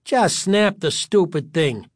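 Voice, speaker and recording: Guy putting on a high, sneery teen bully voice, sarcastic, dry close sound. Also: normal speed, no room sound. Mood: sneering. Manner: sarcastic, taunting. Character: tough bully boy, mocking and menacing.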